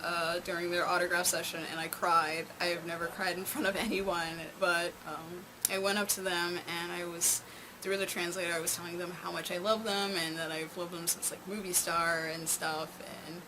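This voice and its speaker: A woman's voice: fairly low pitch, flat delivery, moderate pace. A young woman telling a casual storytime in a rambling way, with many fillers and restarts. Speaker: vlogger. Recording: noisy home recording.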